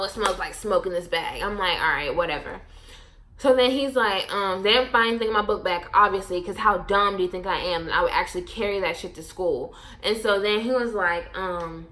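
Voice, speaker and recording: A young woman with a bright, ringing voice, chatting to camera in a loose storytime. She is blunt and foul-mouthed, and she acts out every line people said to her. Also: mid-range voice. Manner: blunt, profane, animated storytelling with quoted asides. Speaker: vlogger. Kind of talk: casual storytime chat.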